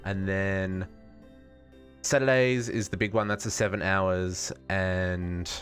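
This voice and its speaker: A man's voice: deep voice, steady tone, slow, a bit bright, faint music behind. Australian man musing aloud while gaming. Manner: thinking aloud, musing and self-correcting. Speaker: streamer. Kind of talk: casual live-stream gaming chat.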